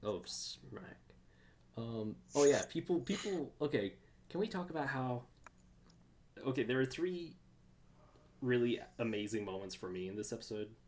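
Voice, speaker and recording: An excitable podcast host rambles through a casual fan chat, piling up fillers and restarts. The voice sits at a middle pitch. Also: unhurried, pauses often.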